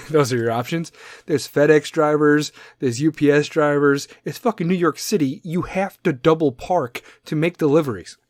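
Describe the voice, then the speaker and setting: Podcast host, male, Chicago accent, profane political rant, slightly high voice, dry close sound. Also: moderate pace, no room sound. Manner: loud, profane, rambling, does mocking voices.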